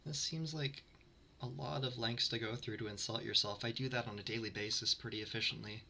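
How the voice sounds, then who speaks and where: A man's voice: mid-range voice, fairly even intonation, brisk, vocal fry, sharp tone, a little hiss or hum. A man streaming to his chat, reading lore aloud and breaking off for dry, sarcastic, self-mocking asides.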